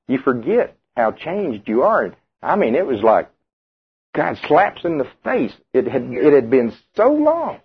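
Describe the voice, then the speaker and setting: Husky preacher on tinny radio. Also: male voice, mid-range voice, sing-song, unhurried. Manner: conversational, asks the congregation questions. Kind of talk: sermon.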